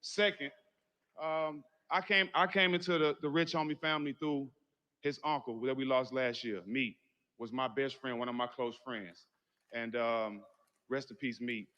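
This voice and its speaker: A man's voice: mid-range voice, steady tone, normal speed, bright, forceful tone. A middle-aged man giving an earnest, heartfelt funeral eulogy, speaking directly to the grieving family in a large hall. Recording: muffled audio with long hall reverb.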